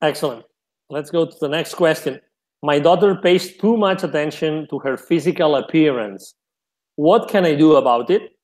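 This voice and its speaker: A man's voice: a little high, moderate pace, a little mellow. A man hosting an interview, introducing audience questions with some hesitation and restarts. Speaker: interview host. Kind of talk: interview moderation.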